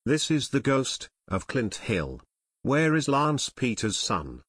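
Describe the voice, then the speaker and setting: A man's voice: medium pitch, very animated, slow pace, fairly bright tone, slightly rough, no room sound, full character voice. Eerie, hollow-toned male caller, put on by a man, dry close sound. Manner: eerie, sepulchral.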